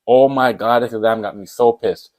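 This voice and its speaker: A young man, rambling and animated as he tells a casual storytime about school. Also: mid-range voice, moderate pace, poor audio. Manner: animated, rambling, with fillers like whatever and blah blah. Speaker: vlogger.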